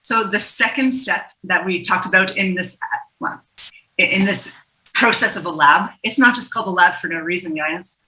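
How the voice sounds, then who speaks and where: A very bright-toned, chatty woman hosts an interactive workshop over a video call. She sounds upbeat and engaging. Her computer mic picks up a noticeably echoey room. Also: fairly low pitch, moderate pace. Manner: upbeat, chatty, greets participants by name and laughs often. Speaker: keynote speaker and workshop host. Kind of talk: interactive online workshop talk. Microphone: computer microphone on a video call.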